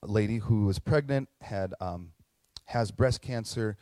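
A man's voice: on the low side, unhurried, warm tone, no room sound. A middle-aged man preaching a sermon as pastor, earnest and conversational, telling stories and acting out quotes. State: tearing up at moments.

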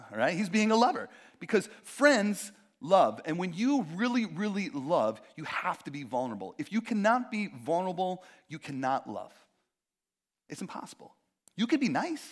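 A man preaching a sermon in a conversational, animated way, acting out quoted voices and making jokey asides. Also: on the high side, normal speed. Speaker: pastor.

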